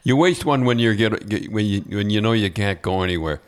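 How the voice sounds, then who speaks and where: A man's voice: on the low side, lively intonation, a little fast, clean tone. Older man, podcast host, rambling storyteller who laughs mid-sentence. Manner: rambling anecdotes with chuckles. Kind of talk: casual chat.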